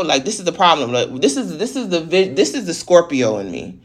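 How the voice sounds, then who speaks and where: A vlogger telling a personal story in a casual rant, blunt and heavy with swearing, talking fast in long run-on sentences. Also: medium pitch, wildly swooping pitch, fairly bright tone, slightly rough. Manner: blunt, profane, heated venting.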